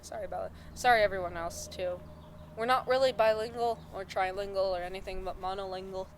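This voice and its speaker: A woman's voice: medium pitch, fairly even intonation, a little fast, slight background noise. Woman, young adult, American, attempted Irish accent, teasing, casual chat. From United States. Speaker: co-host.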